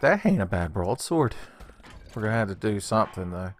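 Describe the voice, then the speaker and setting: A man's voice: fairly low pitch, big pitch swings, fairly quick, faint music behind. A man hosting a gaming channel, rambling through a let's play with constant jokes, frequent laughter and casual swearing.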